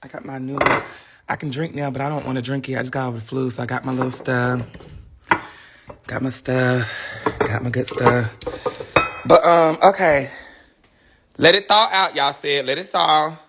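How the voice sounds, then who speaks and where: A man's voice: medium pitch, fairly even intonation, normal speed, pauses often, heavy background noise. A man chatting casually to his viewers on a phone livestream, talking straight to them as he goes.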